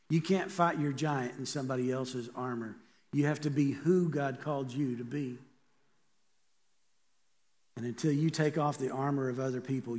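A man's voice: mid-range voice, darkish tone. A middle-aged man, a pastor, preaching a sermon in a conversational way and asking the congregation rhetorical questions.

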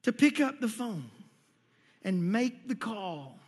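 A man preaching a sermon as pastor, talking in an animated, folksy way and repeating key phrases. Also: sits high, takes it slowly, husky. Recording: long reverb of a large hall.

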